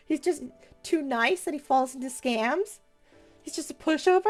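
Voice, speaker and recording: A woman's voice: sits high, moderate pace, soft background music. A young woman streamer playing a story game, chatty and playful, reacting with jokes. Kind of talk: game playthrough commentary.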